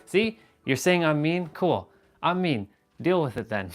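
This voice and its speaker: A man's voice: on the high side, animated, slow. A young man hosting a casual livestream, rambling in an exasperated way with frequent laughs and offhand swearing. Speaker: livestream host.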